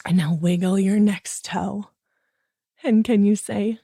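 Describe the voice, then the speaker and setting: A woman hosting a children's bedtime podcast, gently coaxing a child listener through a relaxing wind-down routine. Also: mid-range voice, fairly even intonation, slow pace, gravelly, dry recording, clean studio sound.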